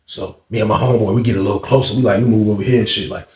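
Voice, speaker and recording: A man telling a casual storytime in a lively, slangy way, acting out the voices of the people in it. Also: fairly low pitch, very fast, reverberant. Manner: animated, slangy retelling that acts out the voices of others.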